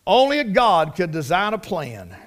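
A middle-aged man delivers a sermon in a fairly high voice, folksy and heartfelt. He repeats words for emphasis and swings between quiet stretches and fervent, loud passages. His pitch swings hugely, though his speed stays normal.

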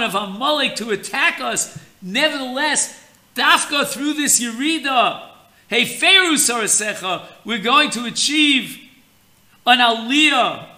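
A man giving a slow, deliberate Torah lesson on a holiday theme, speaking with an of terms. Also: very high voice, pushed and bright. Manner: slow, deliberate teaching, mixing Hebrew terms. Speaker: rabbi teaching Torah.

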